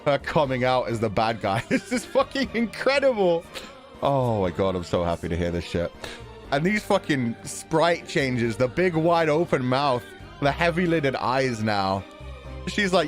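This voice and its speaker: A man streaming a visual novel, giving casual gaming commentary in a profane, animated, exasperated way. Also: mid-range voice, measured pace, soft background music.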